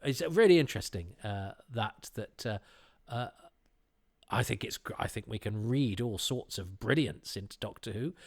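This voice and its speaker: Rambling man hosting a podcast. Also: fairly low pitch. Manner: rambling and self-deprecating, many fillers and restarts. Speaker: podcast host. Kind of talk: casual chat.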